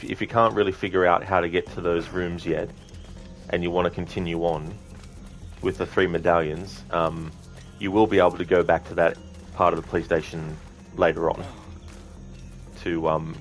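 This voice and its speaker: A man's voice: low-pitched, little pitch movement, normal speed, soft background music. A young man streaming a game, chatting casually with viewers in a rambling way, with lots of ums. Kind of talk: casual live-stream gameplay chat.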